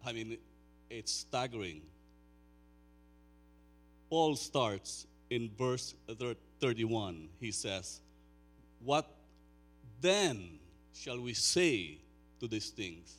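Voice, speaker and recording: A man in his sixties preaching a sermon, chatting with the congregation and then swelling into loud, slow, emphatic declaiming. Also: mid-range voice, expressive, faint music behind. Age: 60s. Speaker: pastor.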